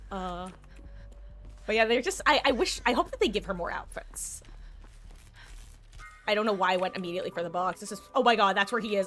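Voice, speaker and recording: A woman live-streaming a game, chatting casually with viewers in an excitable, talkative way on a desktop mic. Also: mid-range voice. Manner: chatty and excitable, quick bursts of laughter. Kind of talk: casual gameplay chat with viewers.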